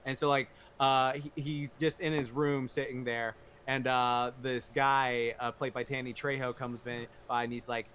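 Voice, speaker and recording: A man's voice: mid-range voice, little pitch movement, moderate pace, a bit bright. Guy rambling through a movie plot on stream, says like constantly, faint noise behind. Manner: rambling retelling full of "like" fillers. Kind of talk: casual livestream chat.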